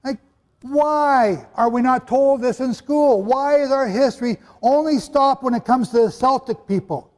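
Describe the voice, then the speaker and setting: Guy with a high voice giving a bible talk, lots of rhetorical questions, long hall echo. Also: a little slow, a little mellow. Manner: emphatic, rhetorical questions, joking asides. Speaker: Bible teacher. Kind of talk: sermon-style lecture to a live audience. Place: hall with an audience. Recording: echoey hall with long reverb.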